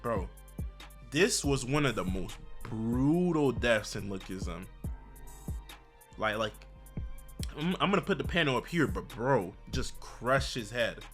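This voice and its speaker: A man with a bright, ringing voice talks through a comic chapter in a loose, slangy way. He tells the story with animated energy. Soft music plays faintly underneath. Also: on the low side. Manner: animated, slangy storytelling, frequent "bro" and "basically". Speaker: manhwa recap YouTuber. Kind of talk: casual chapter recap.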